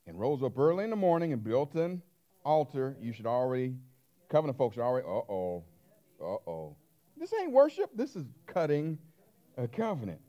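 A man preaching a sermon, animated, swinging between loud and hushed and asking the congregation questions. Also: a little high, muffled recording. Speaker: pastor.

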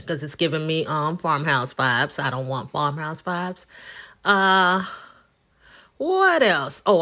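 A woman's voice: on the low side, a bit bright. A woman with a Southern US accent, chatting casually as she walks viewers through a room she plans to redecorate, thinking aloud with frequent ums. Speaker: home decor vlogger. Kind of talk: casual walkthrough chat.

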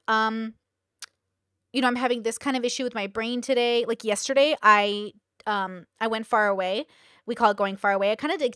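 A woman's voice: fairly high pitch, fairly bright tone, no room sound, studio quality. A woman content creator chatting candidly to camera in a rambling, confessional way. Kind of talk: casual talking-head chat.

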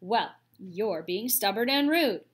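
A woman voicing a brisk, sensible female beaver who is a mother. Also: mid-range voice, expressive. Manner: brisk, no-nonsense.

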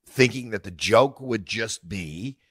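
An older man telling animated stories on a casual podcast, acting out scenes in other voices. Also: lowish voice, takes it slowly, husky, no echo, studio quality. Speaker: guest comedian.

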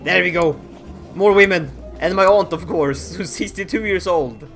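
High-voiced excitable man gaming. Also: moderate pace, soft background music. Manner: excitable, theatrical outbursts and laughter. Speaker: gaming YouTuber. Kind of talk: Let's Play commentary.

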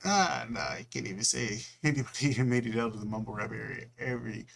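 A young man from California rambling through a casual reaction commentary. His voice sits at an ordinary mid pitch, and his talk is loose and slangy, full of swearing and restarts. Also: fast talker, creaky, fairly bright tone. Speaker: reaction video host.

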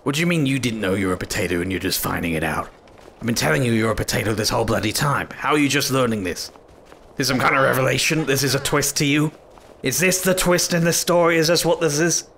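A man's voice: medium pitch, quick pace, gravelly, a bit bright, a little hiss or hum. A man giving comedic let's-play commentary, scolding and fussing over an in-game companion in an exasperated way. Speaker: gaming YouTuber.

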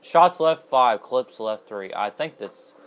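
A man's voice: medium pitch, expressive, slow pace, fairly bright tone, smooth, poor audio. Young man rambling over gameplay. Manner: rambling and chatty, with many fillers and self-corrections. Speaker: gaming video host. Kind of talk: casual let's-play commentary.

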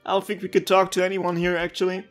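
A woman's voice: lowish voice, completely flat delivery, fast, soft background music. A woman commenting casually while playing a video game, wondering aloud and chatting. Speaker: gaming youtuber. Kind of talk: casual let's-play commentary.

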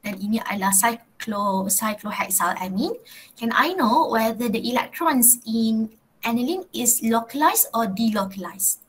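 A woman's voice: on the high side, lively intonation, normal speed, slightly rough, low-quality recording. A young woman with a Malaysian accent teaching a live chemistry class, switching between Malay and English and checking in with her students. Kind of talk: live online class lecture.

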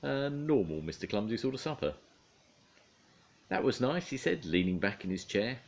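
An older man, a grandfather, reading a children's bedtime story aloud in a playful, expressive way. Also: lowish voice, a little fast.

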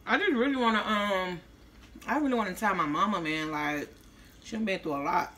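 A woman in her 30s from Tampa, Florida, hosts a casual mukbang vlog, talking briskly in a bright, mid-range voice. She's slangy and chatty between bites, slightly slurred after seeing her orthodontist.

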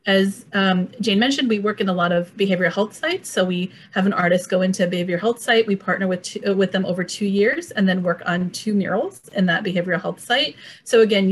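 A woman's voice: on the low side, slightly rough. A woman presenting an arts and mental health program, speaking earnestly with frequent "um"s. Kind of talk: slide presentation.

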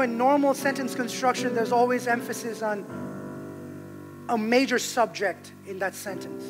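A male pastor preaches with a strikingly high voice, pressing each point with passion. He swings from loud declarations to hushed, intimate lines. Music plays clearly behind him in the church. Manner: impassioned, emphatic, swings between loud and hushed. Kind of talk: sermon.

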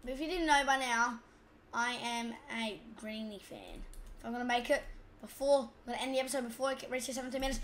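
A woman's voice: a little high, fairly even intonation, brisk, a bit bright, slight background noise. A woman with an Australian accent, hosting a casual gameplay commentary in a chatty, rambling way that keeps getting sidetracked. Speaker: gaming channel host.

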